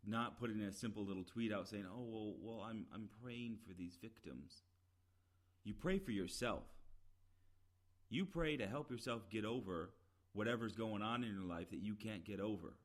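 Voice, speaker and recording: A man with a somewhat low voice delivers an opinionated solo commentary. He rambles with plenty of "uh" fillers and restarts. He leans into emphatic, exasperated repetition. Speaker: podcast commentator.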